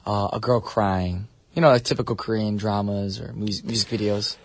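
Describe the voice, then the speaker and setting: Husky-voiced male radio DJ. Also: on the low side, fairly even intonation, normal speed, few pauses, dry recording, faint music behind. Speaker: radio DJ host. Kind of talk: casual radio chat.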